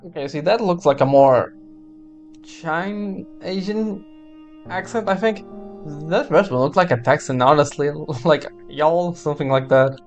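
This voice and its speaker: Streamer: a man reading game text, chatty, slightly higher voice. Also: measured pace, darkish tone, highs cut off, soft background music. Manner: chatty, wry commentary.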